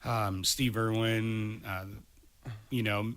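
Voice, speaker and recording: A man's voice: fairly low pitch, level tone, slow pace, fairly bright tone, no room sound. A man hosting a podcast in casual chat, rambling and opinionated. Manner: rambling, opinionated, laughs easily. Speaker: podcast host.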